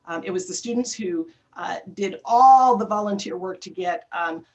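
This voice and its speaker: A woman's voice: mid-range voice, moderate pace, darkish tone. A middle-aged woman telling a personal story in a panel talk, with frequent fillers and restarts.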